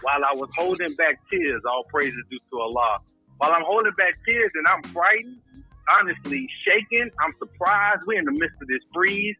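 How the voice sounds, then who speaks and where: Recounting a friend's illness as a guest from his Houston home, a man testifies like a preacher, saying "brother" and religious phrases, building in volume and intensity. His voice is a little high and breathy with lively intonation at normal speed, over soft background music on poor audio.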